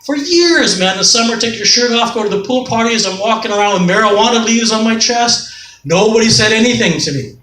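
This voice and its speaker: A man's voice: high voice, expressive, brisk, pushed and bright. A middle-aged man from Canada doing a rambling, profane, self-mocking stand-up comedy set on a club stage. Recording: echoey club, mic far off, faint noise.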